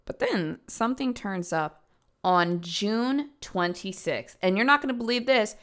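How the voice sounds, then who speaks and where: Young woman host, chatty true-crime storyteller, punchy and emphatic, average pitch. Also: a little slow, clean tone. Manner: animated, emphatic, swears for emphasis. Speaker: podcast host.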